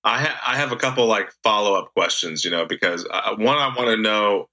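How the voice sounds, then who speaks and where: Guy hosting a podcast, super bright tone, kinda halting questions full of likes. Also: on the low side, expressive. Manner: loose, halting questions with fillers. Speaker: host. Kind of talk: casual interview questions.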